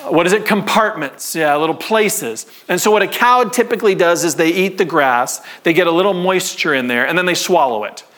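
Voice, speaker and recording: A man preaching a sermon to his congregation in a church, conversational and animated, with call-and-response. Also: high voice, brisk, hardly any pauses. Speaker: pastor.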